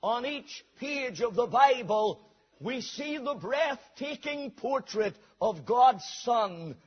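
Male preacher, sermon, high voice, husky, long hall reverb, dull lo-fi recording. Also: animated, slow pace. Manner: reads scripture aloud then tells a story.

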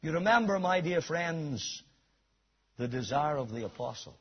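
High husky preacher, lo-fi sermon. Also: male voice, lively intonation, unhurried. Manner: emphatic, rising to near shouts then dropping low. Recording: dull lo-fi recording.

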